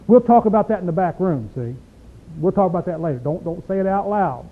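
High-voiced folksy preacher, tinny sound. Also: male voice, lively intonation, fairly quick. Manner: folksy, conversational, asks the listeners questions. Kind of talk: sermon. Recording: tinny phone-like recording.

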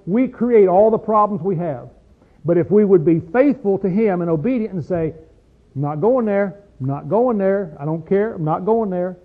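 A man preaching a sermon in a folksy, emphatic way with a Southern US accent, often asking his listeners questions. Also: high voice. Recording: tinny phone-like recording.

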